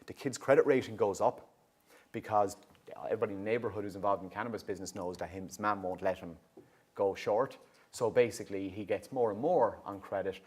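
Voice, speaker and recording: A middle-aged Irish man working in youth drug and alcohol services gives a public awareness talk, explaining in a lively way and often checking in with the audience. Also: lowish voice.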